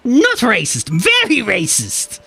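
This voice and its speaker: A man with an Irish accent, chatting playfully on a game live stream and jumping between deep and high voices. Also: wildly swooping pitch, takes it slowly, gravelly, pushed and bright, slightly rough, faint music behind. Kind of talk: casual live-stream chat.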